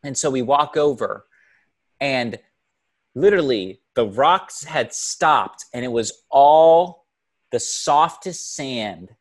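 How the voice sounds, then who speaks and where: A man co-hosting a casual podcast chat, telling a story in an animated way with many fillers. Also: medium pitch, slow pace. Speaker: podcast co-host.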